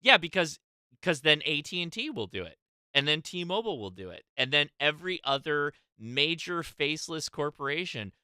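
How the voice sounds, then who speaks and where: Animated, bright-voiced male show host. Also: a little high, normal speed, smooth, no echo, clean studio sound. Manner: animated, emphatic, swears. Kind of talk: casual panel discussion.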